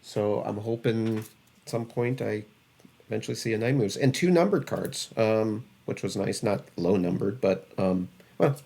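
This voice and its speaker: A man's voice: on the low side, moderate pace, gravelly, dark tone. A man co-hosting a podcast, chatting casually about trading cards, rambling with many fillers and restarts. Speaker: podcast co-host.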